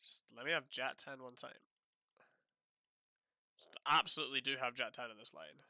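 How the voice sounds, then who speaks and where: A man commentates his own live poker session, exasperated and swearing, his animated outbursts dropping to muttering to himself. His voice is mid-range at normal speed, with no echo.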